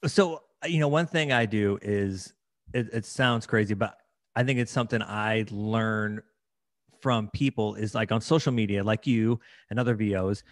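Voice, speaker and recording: A male host with a fairly low voice asks questions with eager enthusiasm, often tripping over his own restarts. The sound is dry and close, with no room echo. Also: moderate pace. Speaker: podcast host. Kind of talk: casual interview chat.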